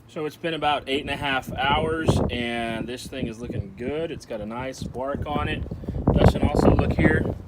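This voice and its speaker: A man's voice: medium pitch, normal speed, heavy background noise. A man hosting a casual cooking video, chatting through each step for the viewer. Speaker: cooking show host. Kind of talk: casual how-to cooking narration.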